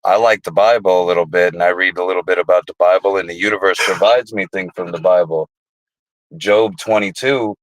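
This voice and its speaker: Very deep-voiced man, rambling and profane. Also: fairly bright tone, no room sound, poor audio. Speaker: livestream host. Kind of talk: casual livestream chat.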